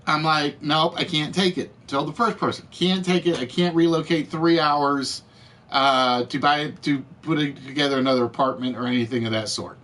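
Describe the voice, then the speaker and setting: A man hosting a live game show stream, ranting to his chat in an animated, exasperated way, his voice cracking. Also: a little high, normal speed. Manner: animated, exasperated storytelling with repetitions. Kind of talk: casual rant to live chat.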